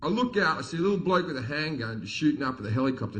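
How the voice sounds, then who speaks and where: A man's voice: fairly high pitch, lively intonation, rapid-fire, fairly bright tone, rough recording. A middle-aged man performing stand-up, telling stories in a blunt, profane, swaggering way. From Australia. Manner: profane, blunt, swaggering delivery with acted quotes. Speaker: stand-up comedian. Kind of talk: stand-up comedy storytelling. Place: live comedy venue with audience.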